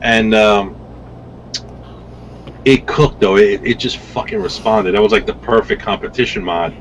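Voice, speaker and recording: A man's voice: fairly low pitch, measured pace, slight background noise, rough recording. A man talking as a podcast guest, telling stories in a rambling, profane way and often repeating himself. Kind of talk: casual storytelling chat.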